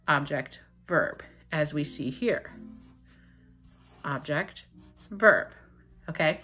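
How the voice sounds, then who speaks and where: Patient woman teaching a lower-voiced grammar lesson. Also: a bit bright. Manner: patient, explaining step by step, often checking with "okay?"; slows down to stress key words. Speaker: Latin teacher. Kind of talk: beginner grammar tutorial.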